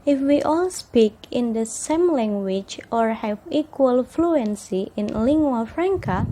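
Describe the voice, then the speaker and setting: A young woman reads out a class presentation at an unhurried, measured pace. Her pitch sits a little high, but the tone is soft and mellow. Each phrase is read carefully, with short pauses in between. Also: poor audio. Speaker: student presenter.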